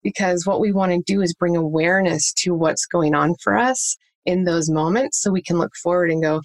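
A woman with a slightly low voice explains parenting techniques in an interview, practical and patient. She lays out each step with examples. The sound is dry and close, with no room around it. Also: moderate pace, few pauses, dry recording. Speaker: parenting coach. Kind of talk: conversational interview answers.

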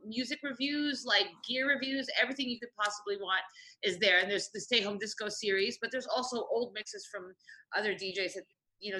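Lively, bright-voiced female guest. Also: mid-range voice. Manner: lively, laughing, casual. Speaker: magazine editor and guest. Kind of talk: casual interview chat.

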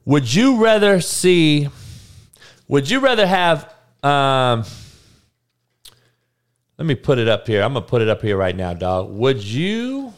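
A man's voice: medium pitch, very animated, unhurried, pauses often. A man hosting a podcast, ranting casually and profanely to his audience with frequent laughing asides. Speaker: podcast host.

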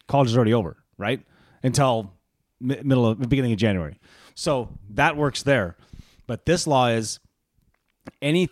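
Joking podcast co-host, dry mic. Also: male voice, mid-range voice, no room sound. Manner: joking, laughs often, teasing. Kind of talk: casual chat.

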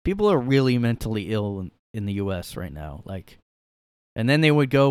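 A man's voice: on the low side, big pitch swings, a little fast, darkish tone, clean tone, no echo. A man hosting a casual solo podcast from his room, ranting sarcastically and rambling through his opinions. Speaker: podcast host.

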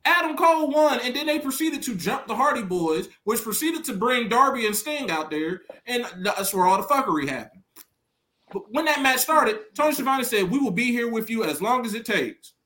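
A high-pitched man with a lively, swooping delivery runs a casual wrestling podcast chat. He tells stories with cursing and loud acted-out quotes. His bright, forceful voice rings in an echoey room. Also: moderate pace. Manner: animated storytelling, profane, mimics quotes loudly. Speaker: podcast co-host.

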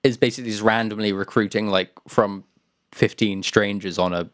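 A man's voice: on the low side, fairly even intonation, moderate pace, fairly bright tone, no echo, clean studio sound. Laughing man, casual game chat. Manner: laughs often, trails off with fillers. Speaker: podcast co-host. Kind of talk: casual chat about video games.

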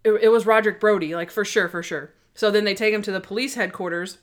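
A woman co-hosting a podcast, talking casually about a TV episode she watched. She tells it in an animated way, sprinkling in "like" and slipping into bits of the scenes as she goes. Her voice sits at an ordinary middle pitch for a woman. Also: fast. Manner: animated retelling with many "like"s, acting out scenes. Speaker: podcast co-host. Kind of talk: casual chat recapping a TV episode.

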